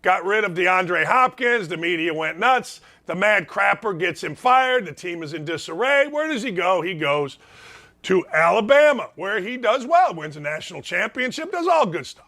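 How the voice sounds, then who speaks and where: Fired-up ranting sports talk host. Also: male voice, high voice, very animated, normal speed, bright, forceful tone. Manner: sarcastic. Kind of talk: opinionated sports commentary. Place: home basement studio.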